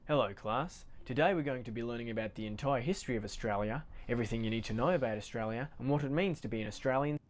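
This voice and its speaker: A man's voice: mid-range voice, fast talker, few pauses, natural voice. Guy putting on a chill fake aussie teacher dude, drawly, dont care about nothin. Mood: carefree. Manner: breezy, carefree drawl. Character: laid-back mock-Australian man teacher.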